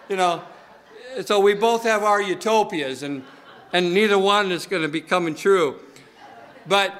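A man's voice: fairly high pitch, fairly bright tone. A male pastor preaching a sermon in a conversational, folksy way, with many filler uhs.

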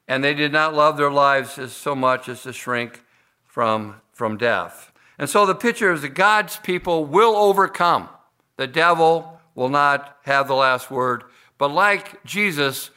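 A man delivers a sermon in a slightly high, bright and forceful voice. He works through scripture at a measured pace, pausing on fillers and restarting phrases as he goes. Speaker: pastor.

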